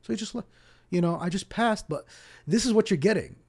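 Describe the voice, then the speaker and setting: Mellow, higher-voiced Palestinian-born imam. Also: male voice, brisk, husky. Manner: animated storyteller who acts out dialogue; repeats words as he restarts. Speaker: imam and podcast guest. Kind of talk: casual storytelling interview.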